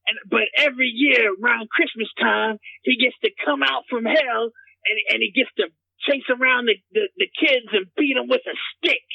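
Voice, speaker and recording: This is a man putting on a clueless, rambling character with a gravelly, creaky voice. He keeps tripping over his own words and repeating himself in a slow drawl. The sound is muffled and lo-fi. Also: very high-pitched, exaggerated voice. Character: rambling dim-witted man, scattered and clueless. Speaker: comedian doing a character bit.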